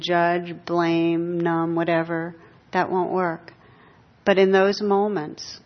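Low-voiced woman giving a reflective dharma talk. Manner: reflective, pausing, laughs at her own jokes. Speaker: meditation teacher. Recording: dull lo-fi talk recording.

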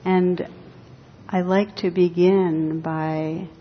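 A woman giving a dharma talk as a meditation teacher, speaking slowly and reflectively with touches of gentle humor. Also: fairly even intonation. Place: hall with a live audience. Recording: reverberant hall, dull sound, faint rumble.

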